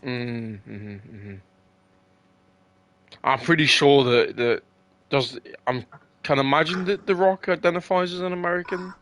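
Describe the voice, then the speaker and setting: A man's voice: mid-range voice, a little slow, pauses often, fairly bright tone, a little hiss or hum. Rambling, swearing young man in casual chat. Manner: rambling and profane, many fillers and restarts.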